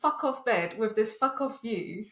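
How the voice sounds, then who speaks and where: A woman's voice: on the high side, lively intonation, a little slow, roomy sound. A woman in her twenties co-hosting a podcast, telling a story in casual chat with swearing and laughs. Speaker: podcast co-host.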